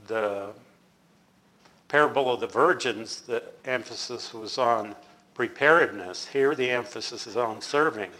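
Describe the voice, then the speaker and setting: A man teaching a Bible study, explaining in a measured way with small restarts. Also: mid-range voice, sharp tone, rough recording.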